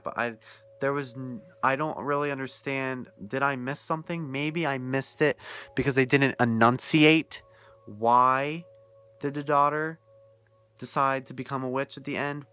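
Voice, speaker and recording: A man's voice: medium pitch, moderate pace, pushed and bright, clear, resonant tone. A young man ranting casually about a film he watched, incredulous and often laughing. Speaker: vlogger reviewing a film. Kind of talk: casual rant.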